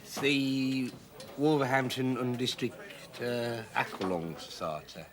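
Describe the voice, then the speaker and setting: A man's voice: medium pitch, unhurried, a crowd in the background, natural voice. An actor playing a flustered middle-aged English tradesman who talks hesitantly, stumbling over words.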